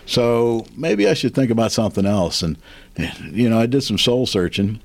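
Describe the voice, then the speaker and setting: A middle-aged man, a movie theater owner, chatting casually as a podcast guest and telling his story with relaxed fillers. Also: medium pitch, normal speed, gravelly, no room sound. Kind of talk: casual conversation.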